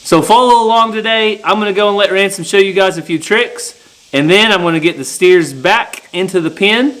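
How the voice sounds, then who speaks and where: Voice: mid-range voice, fairly quick, a bit bright, poor audio. An adult farm vlogger chatting casually outdoors and teasing a child playfully. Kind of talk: casual farm vlog chat.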